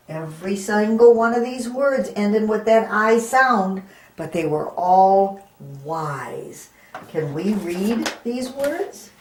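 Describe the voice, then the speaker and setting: A woman teaching a children's reading lesson, sounding out letters and words slowly and patiently. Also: medium pitch, animated, a little mellow. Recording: echoey room.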